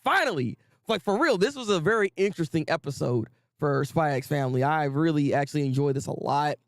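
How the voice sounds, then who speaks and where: A fairly high-pitched man hosting a casual anime talk stream. He speaks with lively, slangy enthusiasm, often repeating himself and calling out viewers by name. The sound is close and dry, with no room echo. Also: brisk. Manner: animated, repetitive, slangy, greets chat viewers. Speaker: host.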